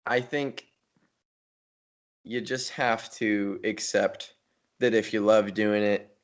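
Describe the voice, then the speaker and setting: Low-voiced man chatting casually. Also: slow. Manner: relaxed, rambling with frequent restarts. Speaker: podcast co-host. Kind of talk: casual chat.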